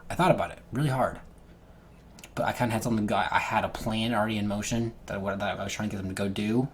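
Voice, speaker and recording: A man's voice: lowish voice, steady tone, fast, slight background noise. A man talking casually as a game master, often restarting and repeating words mid-sentence. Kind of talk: casual talk to camera.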